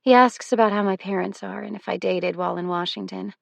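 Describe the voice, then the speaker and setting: A woman reading a first-person novel aloud as an audiobook narrator, in a wry, measured storytelling manner. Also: fairly low pitch, fairly even intonation, vocal fry, dry recording, highs cut off.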